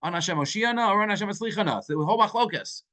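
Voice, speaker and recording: Male rabbi giving a Torah class, fairly high voice, animated, mixing Hebrew terms into English. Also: racing. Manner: animated, acts out quoted speakers with swings in pitch.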